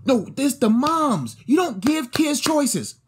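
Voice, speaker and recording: A young man co-hosting a podcast in casual chat, animated and slangy, often acting out other people's voices. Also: very high-pitched, takes it slowly, slight background noise. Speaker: podcast co-host.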